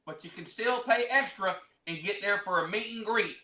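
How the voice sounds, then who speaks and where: A man's voice: sits high, normal speed, pushed and bright. A man speaking as a pompous wrestling manager, boasting in character during an interview. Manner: boastful, grandiose. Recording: roomy echo.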